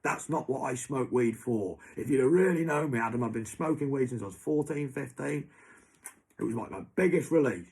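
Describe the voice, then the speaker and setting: A man's voice: medium pitch, fairly quick, darkish tone, slightly rough. A young man, ranting angrily to someone who is not there. He swears heavily and keeps repeating that person's name. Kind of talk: angry monologue to an absent person.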